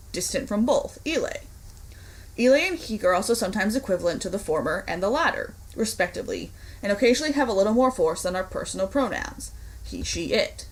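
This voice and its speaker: A young woman teaching a recorded online Latin lesson, explaining grammar clearly and deliberately, with the odd slip of the tongue. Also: medium pitch, poor audio. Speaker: Latin instructor.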